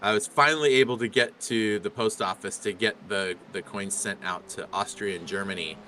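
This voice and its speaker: A man's voice: on the low side, brisk, bright, forceful tone, a little hiss or hum. A middle-aged man commentating a sim race, chatty and rambling, often laughing.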